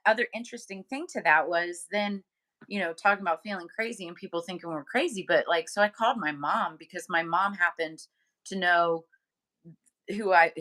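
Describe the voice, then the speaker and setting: This medium and podcast co-host shares a personal story on a casual talk show, dropping in many fillers and imitating the voices of those she quotes. Her voice is lowish, pushed and bright.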